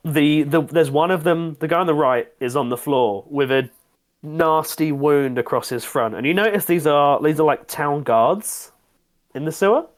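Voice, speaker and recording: A man's voice: fairly high pitch, moderate pace. A man running a tabletop game as game master, narrating in a loose, rambling way with restarts and fillers.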